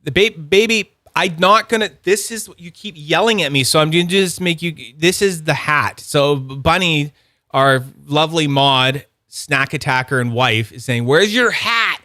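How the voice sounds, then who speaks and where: A young man chats loosely as host, tripping over his own sentences and breaking into laughs. His voice is bright and edgy. The sound is close and dry, with no room around it. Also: on the high side, moderate pace, no echo. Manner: rambling, self-interrupting, laughs often. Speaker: podcast host. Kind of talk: casual livestream chat.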